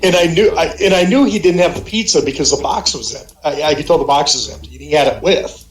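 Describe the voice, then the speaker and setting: A man's voice: on the high side, fast. Profane middle-aged man telling stories. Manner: profane, heated anecdote telling. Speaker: guest on a call. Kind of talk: casual storytelling. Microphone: voice call. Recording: roomy echo, faint music behind.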